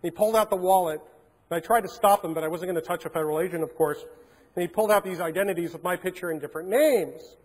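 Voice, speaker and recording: A man's voice: sits high, fast talker. A man giving a keynote talk, telling a story and acting out the dialogue in a large conference hall. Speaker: keynote speaker.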